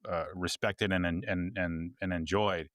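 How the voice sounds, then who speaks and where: Man from texas, rambling podcast co-host, low-pitched, dry close mic. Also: steady tone, measured pace, a bit bright, no room sound. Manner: rambling with many restarts, chuckling asides. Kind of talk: casual conversational podcast.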